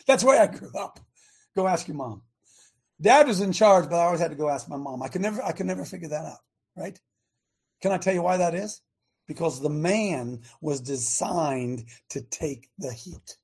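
A man with a high, husky voice hosts a fiery preaching talk. He hammers his points with rhetorical questions and stretches out the words he wants to land. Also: expressive, normal speed, a little mellow. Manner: emphatic, rhetorical, drawing out key words. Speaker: radio show host.

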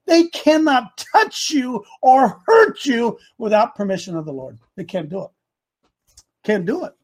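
A man preaching a sermon, animated, rising to loud bursts. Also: very high-pitched, unhurried. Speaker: pastor.

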